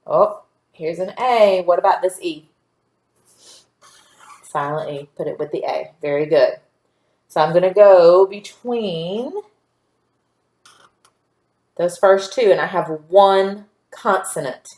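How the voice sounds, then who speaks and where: A woman teaching a phonics lesson to young children, patient and sounding out word parts slowly. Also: on the low side, darkish tone. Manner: slow, patient, stretching out sounds. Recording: echoey room.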